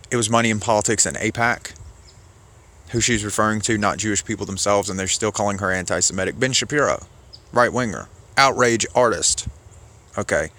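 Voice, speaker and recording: A man's voice: on the low side, fairly bright tone. A man giving casual political commentary, argumentative and sarcastic, rambling as he rebuts a clip.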